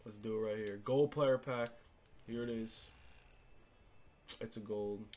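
A young man narrates his card pack opening in an unhurried, drawn-out way. He swings from sudden excited yelps to flat, let-down muttering, with a faint hiss under the voice. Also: on the low side. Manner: excitable, dramatic swings between hype and deflated mumbling. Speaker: gaming YouTuber.

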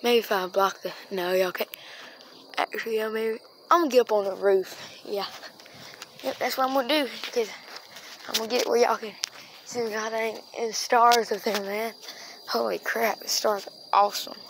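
Holding a phone, a woman vlogs outdoors at night around a yard and street, chatting and rambling to her viewers. Her voice is on the high side at normal speed, and the phone recording carries steady background noise.

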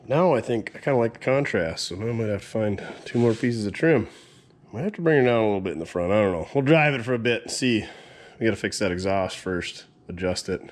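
A man hosting a truck build video, chatting casually and joking with viewers as he works. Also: medium pitch. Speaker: mechanic and video host.

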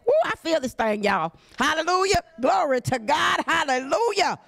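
A woman pastor delivers a fervent sermon in a high voice that leaps and dips dramatically. She punctuates her preaching with shouted hallelujahs and exclamations, recorded close and dry. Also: animated, normal speed, gravelly, no echo. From Southern United States. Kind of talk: impassioned sermon.

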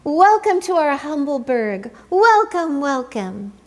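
A woman's voice: sits high, sing-song, slow, pitched above the performer's own voice, heavily acted. A woman doing gushing, fawning penguins. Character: flock of fawning, excited penguins.

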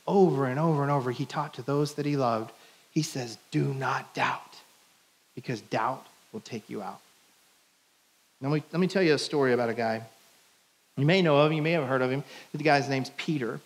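A man delivering a church sermon, voice sitting a touch high for a man. He tells the story with animated acted-out lines and light jokes, swinging between loud bursts and quiet, drawn-in moments. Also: brisk. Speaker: pastor.

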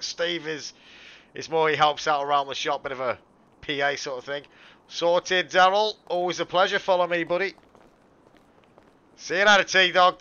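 Man, car-dealer role-play; bright, forceful salesman patter, mate-and-buddy talk. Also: fairly high pitch, clean tone, muffled recording. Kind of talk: in-character role-play over game voice chat.

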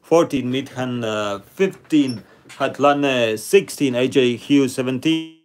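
A man's voice: medium pitch, slow pace, darkish tone. A man hosting a live stream number game, chatting with viewers and reading out their names and rankings. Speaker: livestream host.

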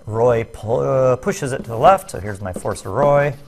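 Jokey physics teacher working through problems. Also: male voice, medium pitch, moderate pace, vocal fry, over music. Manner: jokey, self-deprecating asides. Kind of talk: recorded classroom lesson video.

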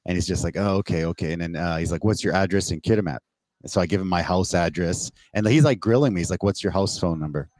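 A man from Canada, a podcast guest, telling a story in casual, animated talk over a remote call, swearing and acting out the exchanges he quotes. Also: deep voice, fast talker, dry recording. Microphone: remote call mic.

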